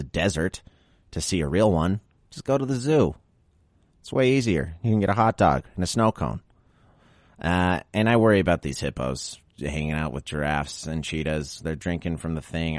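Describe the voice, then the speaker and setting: Guy with a really low voice doing a podcast, reads stuff then cracks dry jokes about it, pretty dead dry sound. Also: dry recording. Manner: wry, sarcastic commentary. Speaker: podcast host. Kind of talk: reading a list with jokey asides.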